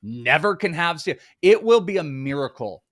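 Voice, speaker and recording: A man's voice: fairly high pitch, sing-song, moderate pace, fairly bright tone, no room sound, clean studio sound. A man co-hosting a casual live draft show, joking about his own impatience as he explains his picks. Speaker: fantasy baseball analyst, co-host.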